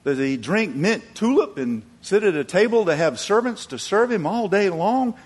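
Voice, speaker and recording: A man preaching a sermon, acting out quoted voices and moving between loud emphatic peaks and low quiet asides. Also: sing-song, moderate pace, breathy edge. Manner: acts out quoted voices, chuckles. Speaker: pastor.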